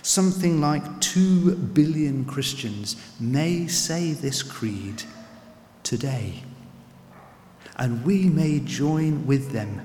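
A man preaching a sermon in an earnest, unhurried way, repeating words as he goes. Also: on the high side, lively intonation, a little mellow, a little hiss or hum. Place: church. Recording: echoey church with long reverb.

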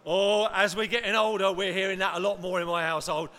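A middle-aged man preaching a lively sermon, acting out panicked voices and asking the audience questions. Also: high-pitched, fast.

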